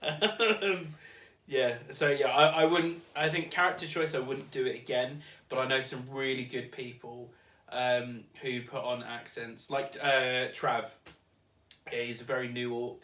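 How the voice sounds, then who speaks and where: A man's voice: mid-range voice, fairly even intonation, unhurried, sharp tone. A young man chatting casually, rambling and hedging with many fillers and laughs. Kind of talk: casual chat. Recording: roomy, distant mic.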